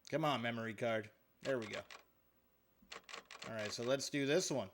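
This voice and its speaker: A man's voice: mid-range voice, normal speed, a little hiss or hum. A man giving live gameplay commentary as a streamer, joking and chatting with his viewers while he plays.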